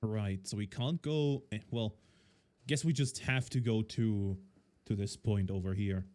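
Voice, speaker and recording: A man's voice: on the low side, unhurried, darkish tone. A man casually commenting on a game as he plays, thinking aloud with lots of fillers. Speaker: game streamer.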